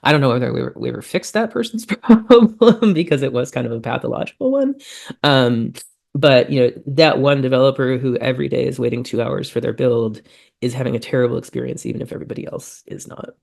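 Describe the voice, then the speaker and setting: A woman speaking on a webinar panel, impassioned and quick to get worked up, with frequent "um" fillers. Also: rumbling low, creaky, darkish tone.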